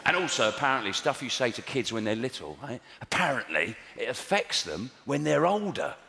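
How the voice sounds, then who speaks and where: Man, 40s, stand-up comedian, exasperated, lively pitch, echoey hall, loud laughter behind. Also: a little fast, gravelly, noisy background. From England. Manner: wry, exasperated, swings up into mock outrage. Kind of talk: stand-up routine. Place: large theatre stage with live audience. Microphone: stage mic.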